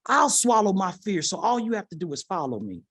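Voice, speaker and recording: A man telling a personal story as a motivational speaker in a virtual keynote, animated and calling out to his audience. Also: high voice, a little fast, slightly rough. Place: virtual event from home.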